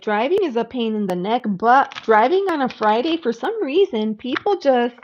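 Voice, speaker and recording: A woman hosting a live tarot stream, chatting casually with viewers and laughing often. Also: fairly high pitch. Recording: slightly dull lo-fi sound with faint noise.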